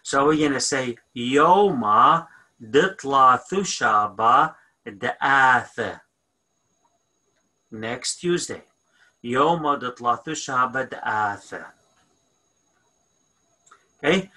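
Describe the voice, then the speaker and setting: A man teaching a grammar lesson, explaining step by step with frequent pauses, fillers and self-corrections, often checking in with "okay?". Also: medium pitch, expressive, bright, forceful tone, low-quality recording. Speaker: language teacher. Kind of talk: recorded online grammar lesson.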